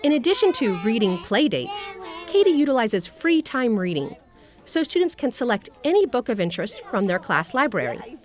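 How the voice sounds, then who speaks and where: A woman reading scripted narration for an educational feature with a lively, upbeat delivery. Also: a little high.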